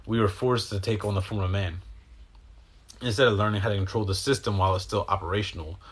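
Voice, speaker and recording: Low-voiced man rambling about spirituality. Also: steady tone, fast, slightly rough. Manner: meandering, profane, emotional stream of consciousness. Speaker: host.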